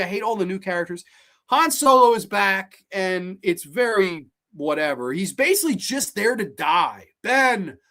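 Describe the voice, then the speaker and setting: A woman hosting a casual film review show, ranting in a profane, sarcastic, animated way. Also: medium pitch. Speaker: host.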